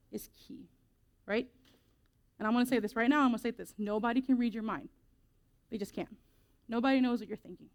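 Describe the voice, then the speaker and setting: A woman speaking to teenagers in a casual, lively youth group talk, reading scripture and acting out quick quoted voices. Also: fairly high pitch, lo-fi sound.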